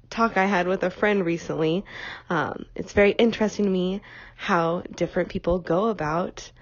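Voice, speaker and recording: Soft-spoken young woman, a bit nasal. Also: on the low side, no echo, highs cut off. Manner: relaxed, frequent ums, conversational. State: slightly nasal from a cold. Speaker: podcast host. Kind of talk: casual solo podcast chat.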